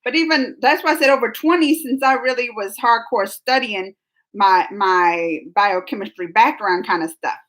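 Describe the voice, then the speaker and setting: A woman hosts a relaxed livestream, reading comments and answering viewers by name. Her voice sits high and sounds bright and forward. A tickle in her throat keeps breaking in with coughs. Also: normal speed. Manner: chatty, laughs often, talks to viewers by name. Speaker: livestream host.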